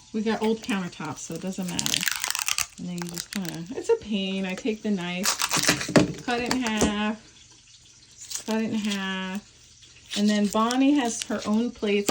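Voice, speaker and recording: A woman's voice: medium pitch, unhurried, long pauses, heavy background noise. A young woman giving a pet sitter casual, rambling instructions in her home kitchen, full of fillers and restarts. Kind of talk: casual home video walkthrough.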